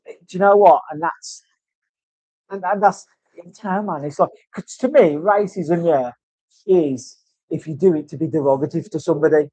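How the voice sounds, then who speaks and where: A man's voice: a little high, moderate pace, mellow, dry recording. A man in casual chat, rambling and swearing through banter in a tattoo studio. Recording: dull, dry lo-fi sound.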